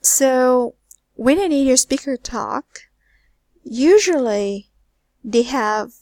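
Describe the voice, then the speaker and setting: A woman teaching an English lesson, asking learners questions and repeating words slowly, with phrase ends trailing to a near whisper. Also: a little high, darkish tone, no room sound. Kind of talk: recorded online lesson.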